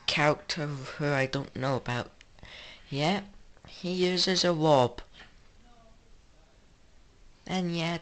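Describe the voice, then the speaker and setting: A man's voice: on the high side, fairly bright tone. A male gaming channel host with an English accent, talking through games in casual, rambling commentary full of restarts. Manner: rambling, many restarts and fillers.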